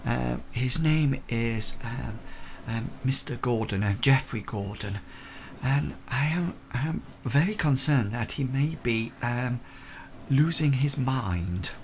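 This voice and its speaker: A man voicing a polite, worried young Victorian lady who speaks in halting phrases. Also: mid-range voice, lively intonation, a little hiss or hum.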